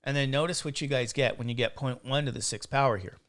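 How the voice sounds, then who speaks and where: A man's voice: mid-range voice, fast talker, a bit bright, no echo. A man teaching a statistics lecture, walking through a calculation and counting digits aloud step by step. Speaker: statistics instructor. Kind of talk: classroom lecture.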